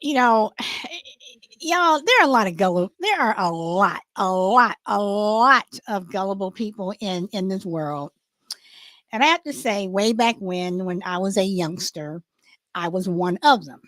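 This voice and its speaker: A woman's voice: medium pitch, fairly bright tone, no room sound. A woman hosting a casual live chat show, rambling with many restarts and fillers. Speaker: host.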